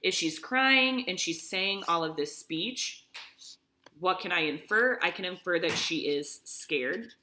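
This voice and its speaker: A woman's voice: on the low side, animated, slow, sharp tone, a little hiss or hum. A woman teacher reading a story aloud and explaining it step by step, often checking in with "okay?". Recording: echoey room.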